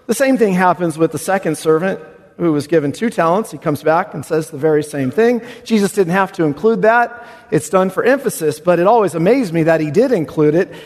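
Male preacher, high, very lively delivery, hushed to exclaiming; echoing church sanctuary. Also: a little fast. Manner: animated, swings from hushed to exclamatory. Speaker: pastor. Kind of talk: expository sermon. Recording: reverberant hall.

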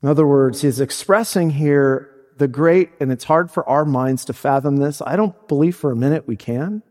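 A man preaching a sermon as pastor, slow and deliberate, climbing to high emphatic peaks. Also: darkish tone. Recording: long hall reverb.

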